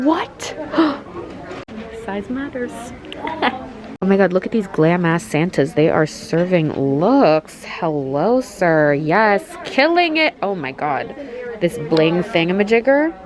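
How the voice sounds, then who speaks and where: A young woman vlogging in a gushing, excitable way, gasping and exclaiming as she chats. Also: medium pitch. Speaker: lifestyle vlogger. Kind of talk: casual vlog chat.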